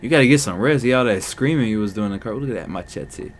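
A young man giving let's play commentary, loud and excitable, talking back to the characters on screen. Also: medium pitch, fast talker. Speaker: gaming YouTuber.

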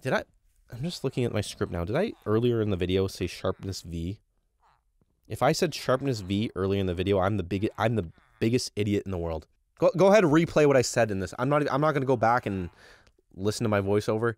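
A man's voice: fairly low pitch, animated, fast. A gaming YouTuber commenting live on his own play, frantic, talking to himself and repeating words over and over.

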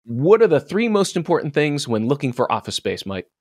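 A male podcast host with a lively, up-and-down voice, chatting with enthusiasm and laughing easily. The sound is dry and close, with no room around it. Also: a little high, fairly quick, no echo. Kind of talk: casual interview chat.

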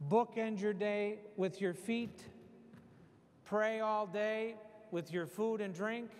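A man's voice: high-pitched, steady tone, slow. A man in his sixties, a priest giving a folksy, joking homily. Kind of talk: humorous homily. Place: church hall. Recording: long hall reverb.

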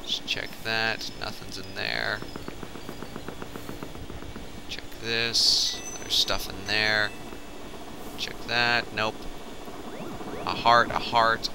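A man's voice: on the low side, flat delivery, slow pace, vocal fry, noisy background. A young man giving casual let's play commentary with chatty, mumbled asides.

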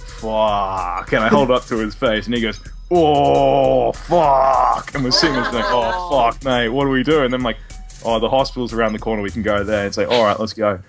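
A young Australian podcast co-host, mid-range and fairly even in tone, tells a story fast with music behind him. He swears and laughs his way through the casual chat.

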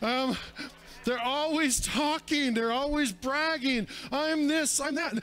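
A man's voice: very high-pitched, fairly bright tone. A male pastor delivering a sermon in an earnest, direct way, addressing his congregation.

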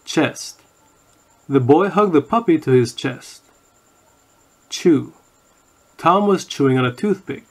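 A man reading course audio, saying each word and then an example sentence in a slow scripted vocabulary reading. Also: a little high, animated.

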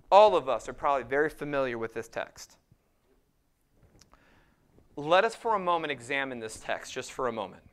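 Smooth-voiced man preaching a sermon. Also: fairly high pitch, animated, a bit bright. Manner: preaching with emphatic, slowed scripture quotes. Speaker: pastor.

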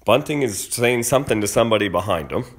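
A man's voice: fairly low pitch, expressive, fast, breathy edge. A man giving an argumentative commentary on hockey video clips, acting out what players and officials say. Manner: emphatic, argumentative, acts out quotes.

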